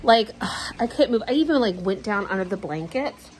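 A woman's voice: mid-range voice, lively intonation, moderate pace, darkish tone, a little hiss or hum, rough recording. A woman vlogger chatting casually to camera at home, telling stories in a slangy, joking way. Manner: chatty, slangy, jokey storytelling.

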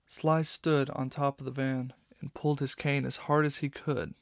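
Male narrator, audiobook, steady storytelling, mid pitch, gravelly. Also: moderate pace, few pauses, dry recording, studio quality.

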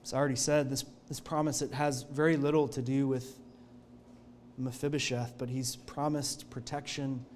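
A male pastor preaching a sermon in a church, telling the story in an earnest, expressive way. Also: medium pitch, normal speed, a little hiss or hum.

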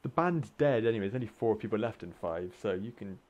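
A man's voice: lowish voice, lively intonation, fairly quick, a little mellow, muffled recording. A man commentating his own online gameplay in casual, sarcastic banter, cursing and exclaiming at his teammates. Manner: frequent exclamations and laughs.

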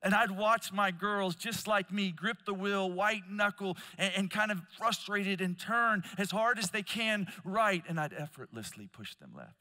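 A man preaching at a conference, telling stories with loud emphatic bursts and quiet low asides. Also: lively intonation, measured pace, few pauses. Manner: storytelling, swings between loud emphasis and hushed low asides. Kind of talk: conference sermon. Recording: long hall reverb.

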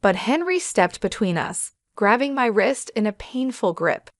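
A woman reading a scripted first-person drama as narrator, in a steady, even way. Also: on the high side, a little slow, no room sound.

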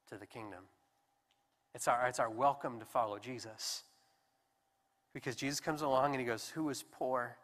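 Young male preacher, bright and animated, reverberant church hall. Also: medium pitch. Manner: animated, conversational preaching with restarts. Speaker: pastor. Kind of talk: sermon. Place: church sanctuary.

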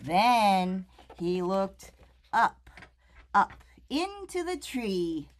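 Playful woman reading to kids, lively. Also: medium pitch, very slow. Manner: playful, animated, talks to kids. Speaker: storyteller. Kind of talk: reading a picture book aloud to children.

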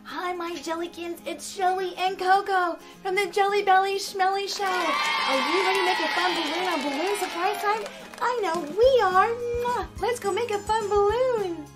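A woman hosting a children's show, talking excitedly to small children with lots of gasps and a sing-song delivery. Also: very high voice, normal speed. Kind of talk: children's program presenting. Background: background music.

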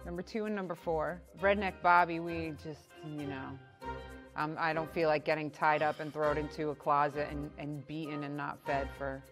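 Fields: Sex: woman. Role: dating game host. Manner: giggly, playful. Behind: steady background music. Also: sits low, normal speed. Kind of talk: game show hosting.

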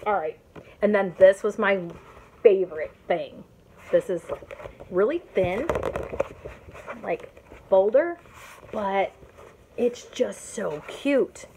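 A woman's voice: medium pitch, takes it slowly, pauses often, slight background noise. Giggly, chatty woman vlogger. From Indiana, US. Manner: chatty, giggly, self-mocking, excitable. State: tired, up since early morning. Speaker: YouTube vlogger showing a haul. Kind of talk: casual haul vlog chat.

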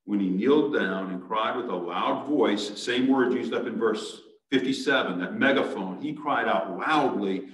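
A man's voice: fairly low pitch, a little slow, hardly any pauses, fairly bright tone. A male pastor preaching a sermon in an earnest way that builds to urgent exhortation. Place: church sanctuary. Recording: echoey church sanctuary, mic at a distance.

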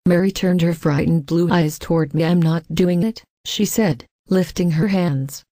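A woman with a fairly low, dark, mellow voice reads a first-person ghost story in a measured, even way, and reads the quoted lines herself. The recording is close and dry, with no room sound. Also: dry recording. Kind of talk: scripted ghost story narration.

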